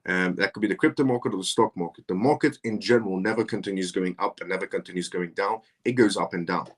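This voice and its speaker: A man's voice: low voice, quick pace. A man hosting a live stream, reading out viewer comments and answering questions in a casual, repetitive conversational way.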